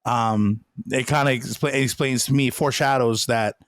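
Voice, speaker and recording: A man's voice: mid-range voice, fairly even intonation, moderate pace, hardly any pauses, a bit bright, no echo, clean studio sound. A man co-hosting a casual podcast chat, speculating aloud with frequent restarts. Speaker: podcast co-host. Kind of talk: casual chat, reacting to a trailer.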